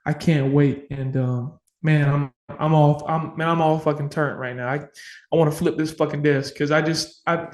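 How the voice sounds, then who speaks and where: Man, podcast co-host, slightly high voice, emotional, passionate, swears a lot, echoey home room. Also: fairly even intonation, normal speed. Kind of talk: casual sports podcast chat. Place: home room full of memorabilia.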